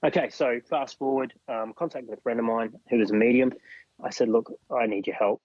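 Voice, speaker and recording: A man's voice: mid-range voice, fairly even intonation, brisk, a little mellow, no room sound, highs cut off. An Australian man recounting a personal experience as a podcast guest, acting out what other people said. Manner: acts out other people's lines while recounting. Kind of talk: personal storytelling in a podcast interview.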